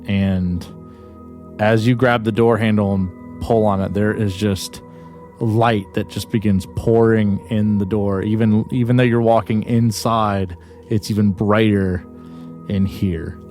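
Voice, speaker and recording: Guy game-mastering a tabletop game, lowish voice, kinda halting, restarts a lot, faint music behind. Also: steady tone, darkish tone. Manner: loose, halting description with many restarts.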